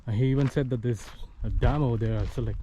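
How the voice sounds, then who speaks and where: Young man, mid-pitched, casual hiking vlogger, chatty and winded, noisy outdoor phone audio. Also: fast talker. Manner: excited, chatty, addresses viewers as guys. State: out of breath. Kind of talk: casual trekking vlog. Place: outdoors on a hilltop fort. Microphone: handheld phone.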